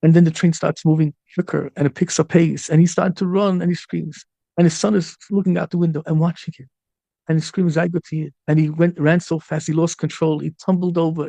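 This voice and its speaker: A man's voice: a little high, vocal fry, warm tone, no room sound. A man, a rabbi, telling a story in a sermon with passion, repeating and restarting his phrases and mixing in Hebrew and Yiddish terms.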